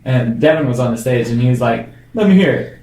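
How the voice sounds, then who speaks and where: Talking fast with a mid-range voice, a man in his 20s spins funny anecdotes during a casual chat, and the sound carries reverb. He laughs a lot and animatedly imitates what others told him.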